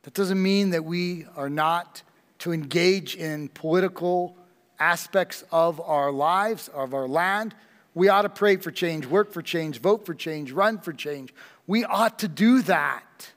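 A man preaching a sermon as pastor, slow and emphatic with dramatic pauses, in a church sanctuary. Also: a little high, fairly bright tone, in a large hall.

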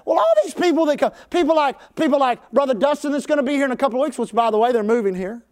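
A male pastor preaching a sermon, calling on the congregation to answer back and rising to shouts at the high points. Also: racing. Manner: call-and-response with the congregation; fervent, conversational preaching.

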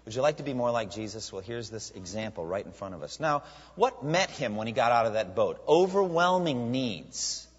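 Husky man preaching in a reverberant hall. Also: mid-range voice, normal speed. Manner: animated preaching with rhetorical questions. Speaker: pastor. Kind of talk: sermon. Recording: dull lo-fi sound with long hall reverb.

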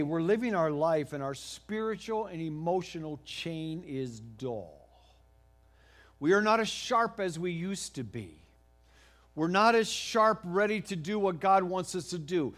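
A middle-aged American man preaching a sermon, telling a homey story in a folksy, animated way with frequent restarts. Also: high voice. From United States. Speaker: pastor.

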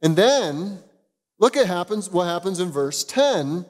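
A man, a pastor, giving an expository sermon, telling the story in an animated way and chuckling now and then. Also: high voice, measured pace, big-room sound.

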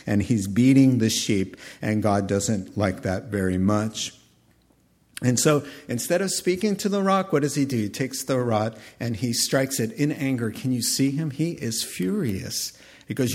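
A male pastor delivering a sermon with an animated storytelling style. His voice is husky, set at a middling pitch, and he slips into the people he describes. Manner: animated storytelling preacher, acting out scenes.

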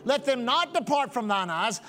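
A male pastor delivering a sermon in a strikingly high voice. He drives his points home by repeating phrases over and over in a rhythmic preaching cadence. Soft music plays faintly behind him. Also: big pitch swings, normal speed.

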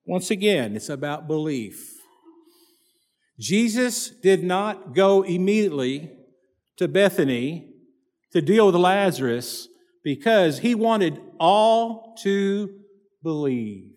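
A man's voice: high voice, lively intonation, takes it slowly, darkish tone, in a large hall. A man preaching a sermon as pastor, emphatic and driving his points home through repetition, in a church sanctuary. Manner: emphatic preaching with repeated phrases.

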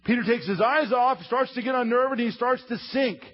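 A man preaching a sermon as a lively storyteller who acts out the quotes he tells. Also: extremely high pitch, brisk, faint music behind. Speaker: preacher teaching a Bible lesson. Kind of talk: sermon, drawing while teaching. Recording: dull lo-fi sound.

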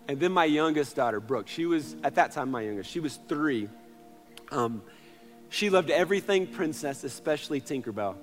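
A man in his thirties, a pastor, preaching a sermon in earnest storytelling style, moving between loud passages and hushed ones. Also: fairly high pitch, lively intonation, moderate pace, long pauses, faint music behind.

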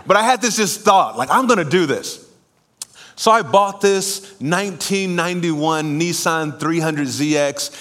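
A man preaching a sermon in church, telling a lively personal story with laughter before calling the congregation to respond. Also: a little high, unhurried, hardly any pauses. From California. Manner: animated storytelling, laughing at himself, then preaching and calling for amens. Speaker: pastor. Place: church sanctuary.

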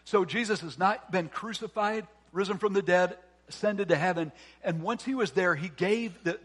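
A man with a notably high voice preaches a sermon as pastor. He asks the congregation questions and answers them himself, climbing to fervent, emphatic peaks before falling back to hushed, quiet phrases. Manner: earnest preaching with rising emphatic builds and soft drops.

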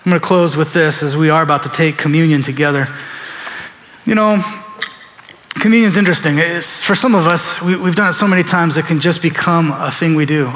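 A man's voice: on the high side, a little fast, a bit bright, in a large hall. A man preaching a sermon in a church, conversational and storytelling, acting out quoted voices. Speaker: pastor. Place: church sanctuary.

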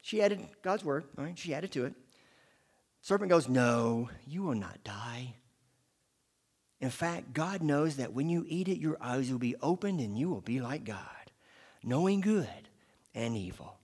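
A man preaching a sermon, swinging from hushed asides to loud, emphatic declarations. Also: a little high, lively intonation, a little slow. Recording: long hall reverb.

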